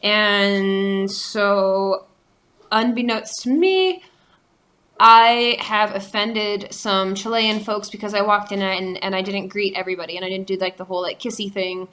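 A woman co-hosting a podcast in casual chat, joking and giving advice deliberately. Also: medium pitch, steady tone, fairly bright tone. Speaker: podcast co-host.

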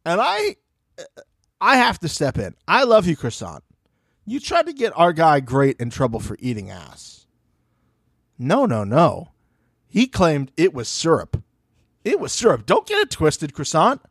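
Animated man co-hosting a reality TV podcast. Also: on the high side, unhurried, pauses often, breathy edge, no room sound, studio quality. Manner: animated, mimics people in playful voices. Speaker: podcast co-host. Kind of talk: casual reality TV recap chat.

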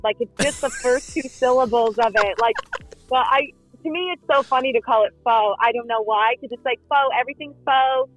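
A woman, a reality show cast member, answering interview questions in a chatty, animated storytelling way with lots of fillers. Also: high-pitched, brisk, no echo, soft background music. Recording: dull lo-fi sound.

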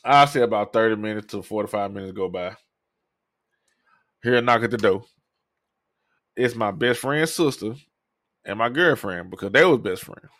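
A man's voice: on the low side, normal speed, pauses often, a bit bright, no echo, clean studio sound. A man hosting a podcast, telling a personal story in a loose, profane way and acting out what other people said. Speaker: podcast host. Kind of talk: casual storytelling.

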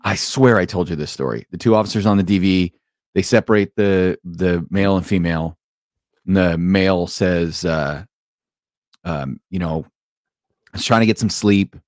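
A man co-hosting a podcast, telling an anecdote in casual chat, chatty and quick to laugh. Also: sits low, darkish tone, no room sound, studio quality. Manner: chuckling, chatty, jumps in with questions. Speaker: podcast co-host. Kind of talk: casual storytelling.

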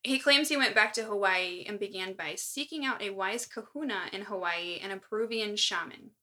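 A woman's voice: medium pitch, moderate pace, pushed and bright. A woman co-hosting a podcast, recounting a story from her notes with wry asides. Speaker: podcast co-host. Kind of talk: casual chat, reading from notes.

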